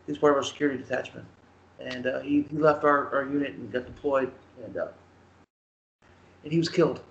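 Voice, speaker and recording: A man co-hosting a casual sports podcast, talking in an earnest, halting way with many restarts. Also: mid-range voice, vocal fry, dull audio, a little hiss or hum. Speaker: podcast co-host. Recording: roomy echoey sound.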